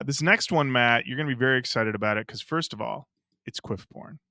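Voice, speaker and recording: Male podcast co-host: easygoing, reads comments aloud, gravelly tone, dry room. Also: medium pitch, fairly quick, pushed and bright, no echo. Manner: laid-back, reads listener comments aloud. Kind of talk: casual music podcast chat.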